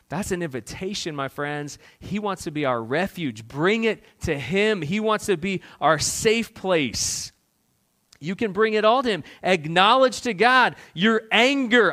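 Guy pastor preaching, kinda high voice, goes loud then real soft. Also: animated, measured pace. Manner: dramatic swings between loud urgent questions and quiet prayerful near-whispers. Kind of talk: sermon.

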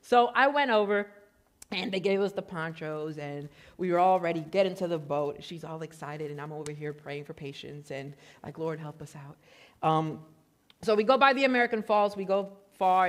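A man from Puerto Rico preaching a sermon, excitable and prone to getting loud, telling stories with self-deprecating humor. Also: sits high. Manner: excitable, gets loud when animated. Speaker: pastor.

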